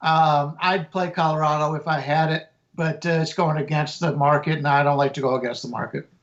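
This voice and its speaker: A man, a sports handicapper, giving measured betting analysis and often restarting his words. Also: a little high, fairly even intonation, echoey room, muffled recording.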